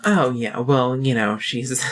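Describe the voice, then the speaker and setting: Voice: medium pitch, slow pace, fairly bright tone. A person voicing a sullen, defiant young man in a tabletop role-play, curt and grumbling. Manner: curt, grumbling, dry humor.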